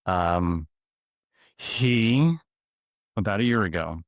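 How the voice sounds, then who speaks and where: A man from the US East Coast, a guest animal communicator telling stories in a casual interview with an animated, chuckling manner. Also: deep voice, slow, no room sound, clean studio sound.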